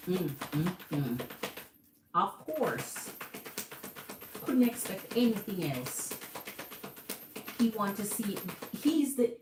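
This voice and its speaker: A woman with a Jamaican accent giving a tarot reading to viewers, animated and repeating herself, calling listeners Queen. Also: deep voice, noisy background. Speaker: tarot reader. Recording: echoey room.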